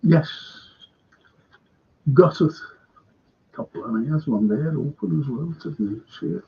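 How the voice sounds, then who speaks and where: A man with a gravelly, husky voice hosts a casual livestream. He rambles and reads viewer comments aloud, often trailing off mid-thought. The audio is dull and lo-fi. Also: on the high side, animated, slow. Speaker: livestream host. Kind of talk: casual current-affairs livestream chat.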